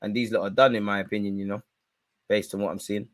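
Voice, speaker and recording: A young man hosting a football watch-along, commenting live and shouting at the referee. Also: fast talker. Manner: animated, shouts at the referee, spikes in pitch and volume.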